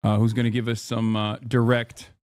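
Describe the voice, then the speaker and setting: A male streamer talking in a loose, rambling way, full of ums and restarts. His voice is smooth and resonant, and the sound is close and dry, with no room around it. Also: lowish voice, little pitch movement, a little mellow, dry recording. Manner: rambling, halting with fillers. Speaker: streamer host. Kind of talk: casual livestream commentary.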